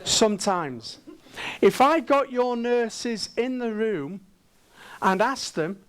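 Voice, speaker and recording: A high-pitched man speaks slowly and deliberately from a conference stage. He keeps drawing the audience in with playful questions, unhurried and teasing. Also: animated. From England. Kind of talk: interactive keynote talk.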